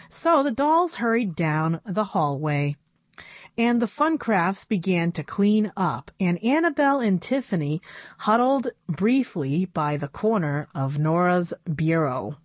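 A woman reads a children's storybook aloud at an unhurried pace. Her pitch moves expressively through each line. The recording is dry and close. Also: dry recording.

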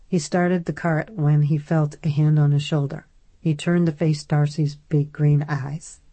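Low-voiced woman narrating an audiobook. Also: mellow.

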